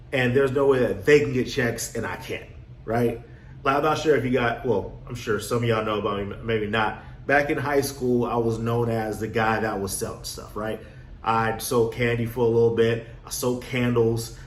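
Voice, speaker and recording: A man coaching on real estate wholesaling in a casual motivational talk, acting out his own past with lively energy. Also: medium pitch. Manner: animated storyteller, acts out his younger self. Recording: echoey room, faint background noise.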